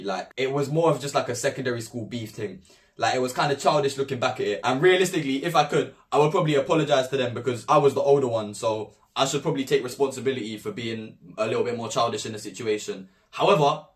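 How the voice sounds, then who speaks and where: A young man with a London accent telling a story in an animated, slang-heavy way. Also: medium pitch, recorded from a distance. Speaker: vlogger. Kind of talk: storytime monologue.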